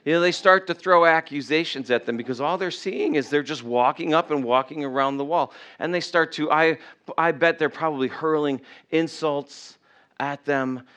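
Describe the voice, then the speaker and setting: A pastor delivers a sermon, retelling scripture in a storyteller's manner and slipping into the voices of the people he describes. His tone is bright and forward, his voice smooth and crisp. He sits a little higher than most men. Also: moderate pace. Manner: animated storytelling, acts out voices.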